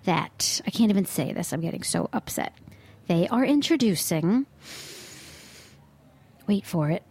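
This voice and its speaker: Exasperated woman podcast host ranting. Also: a little high. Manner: exasperated, sarcastic, outbursts of disbelief. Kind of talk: opinionated solo podcast monologue. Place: studio booth. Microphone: studio microphone.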